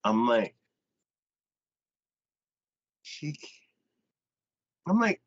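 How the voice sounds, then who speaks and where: A man hosting a live anime podcast, retelling an episode in a casual chat with quick voiced asides. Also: mid-range voice, sing-song, no room sound, lo-fi sound.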